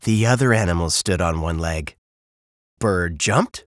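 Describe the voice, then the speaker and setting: A man narrating a children's storybook in a slow, expressive storytelling manner. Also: low voice, no echo, studio quality. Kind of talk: storybook read-aloud.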